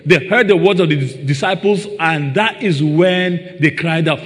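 A man's voice: a little high, moderate pace, few pauses. Man preaching in a reverberant hall. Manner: emphatic, punctuates with "Praise the Lord" and questions to the congregation. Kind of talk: sermon. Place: church hall.

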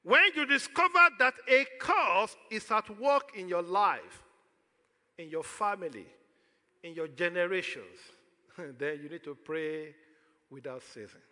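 A man's voice: sits high, animated, measured pace, bright, forceful tone, in a large hall. A man with a Nigerian accent preaching a sermon as pastor, throwing questions out to the congregation for them to answer.

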